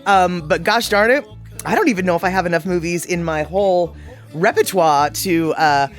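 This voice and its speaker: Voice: mid-range voice, moderate pace, faint music behind. A livestream host in their forties chatting casually and reading viewer comments aloud, playfully exasperated.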